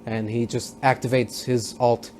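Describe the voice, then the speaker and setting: A man's voice: medium pitch, flat delivery, a little slow, a little mellow, a little hiss or hum. A man casually recapping a TV episode as a reviewer, rambling with many fillers and restarts. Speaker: TV show reviewer.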